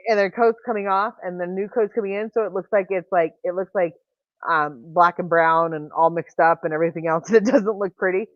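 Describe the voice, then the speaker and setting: A woman hosting a livestream, talking in casual chat and telling rambling, animated stories full of restarts. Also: lowish voice, a little fast, dry recording, highs cut off. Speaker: livestream host.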